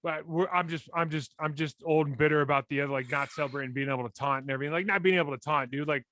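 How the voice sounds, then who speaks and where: A man in his forties, a former football player co-hosting a podcast, telling stories in a blunt, rambling, animated way. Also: fairly high pitch, rapid-fire. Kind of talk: casual sports chat.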